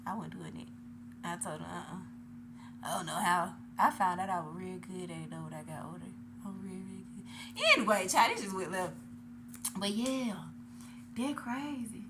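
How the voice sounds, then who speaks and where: A woman from Atlanta, telling a story to camera in a loud, profane, animated monologue that swings between shouting and hushed asides. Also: fairly low pitch, moderate pace. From Atlanta, USA. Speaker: vlogger. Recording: noisy background.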